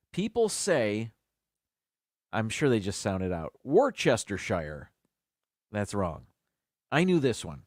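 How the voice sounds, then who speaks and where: Alone on a casual live stream, a man chats while thinking aloud, musing over how words are pronounced. His mid-range voice comes through with studio quality and no echo.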